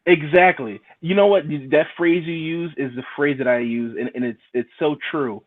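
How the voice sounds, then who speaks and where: A man's voice: a little high, normal speed. Blunt man on a tinny line. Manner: blunt and profane, stumbles and repeats words. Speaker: show host. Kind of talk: casual podcast chat. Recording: tinny phone-like sound.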